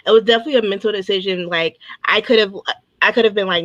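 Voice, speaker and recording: A woman talks as a guest over a video call, in a dry, close sound at a middle pitch. She giggles easily and strings her thoughts together with frequent "like"s. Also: fairly even intonation, very fast, fairly bright tone, no echo, dull audio. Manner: giggly, peppers speech with "like". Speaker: guest, small business owner. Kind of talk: casual video interview.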